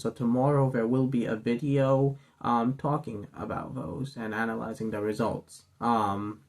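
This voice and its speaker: A man's voice: medium pitch, darkish tone. A man hosting a casual vlog monologue, gushing and filling his talk with ums and you-knows. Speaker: channel host.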